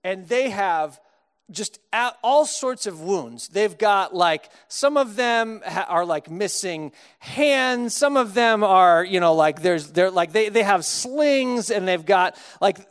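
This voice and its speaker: A man's voice: high voice, lively intonation, takes it slowly, a bit bright, clear, resonant tone. A man from Texas preaching a sermon, casual and humorous, acting out little dialogues with comic voices. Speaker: pastor.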